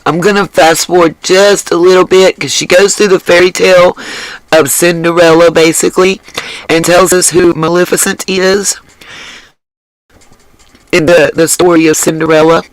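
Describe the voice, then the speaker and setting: A man with a high voice comments on a clip he is watching, talking straight to his viewers in a loose, gushing way. He repeats his praise often. The sound is dry and close. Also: level tone, normal speed, no echo, poor audio. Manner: effusive, emphatic, repeats phrases. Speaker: host reacting to a video. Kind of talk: casual reaction commentary.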